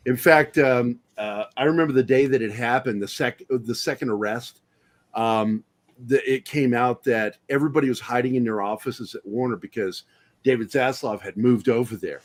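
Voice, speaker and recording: A man's voice: mid-range voice, normal speed. A man talking as a guest on a casual podcast, heated and rambling, swearing often and restarting his sentences. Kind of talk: casual movie-review chat.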